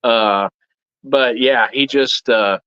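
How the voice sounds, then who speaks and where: A man's voice: mid-range voice, slow, pushed and bright, clear, resonant tone, dry recording. A man co-hosting a casual live stream from home. He talks in a mid-range voice, wandering through his thoughts with constant ums and restarts. The sound is dry and a little dull. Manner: rambling, many fillers and restarts. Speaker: channel co-host.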